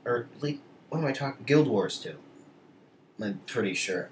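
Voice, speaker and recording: A man's voice: mid-range voice, expressive, moderate pace, a little hiss or hum. A teenage boy vlogging casually, rambling through a story with many restarts and asides. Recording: echoey room, mic at a distance.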